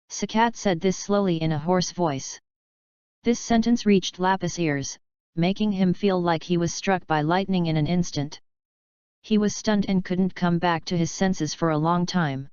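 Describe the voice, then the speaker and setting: A woman narrating a fanfiction audiobook in an even, steady reading. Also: fairly low pitch, a little slow, clean tone, no echo, dull audio.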